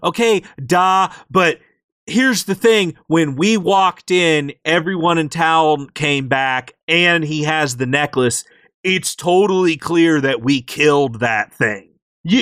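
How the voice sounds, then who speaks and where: A young man on a podcast, telling a game story in an animated way and jumping into character voices, in a dry close recording. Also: on the high side, slow, clear, resonant tone, no echo. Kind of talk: casual game recap chat.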